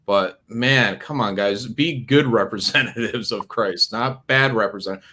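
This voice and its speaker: A man with a bright, tense voice talks casually on a livestream. He is blunt and sarcastic and swears a lot. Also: lowish voice, unhurried. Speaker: guest on a livestream talk show.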